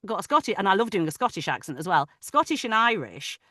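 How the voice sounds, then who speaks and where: This adult mother of older kids is an audiobook narrator chatting about her trade in a relaxed interview, animated and talkative with many restarts. Her medium-pitched voice moves quickly and sounds bright and forceful. There's no room echo; the audio is close and dry.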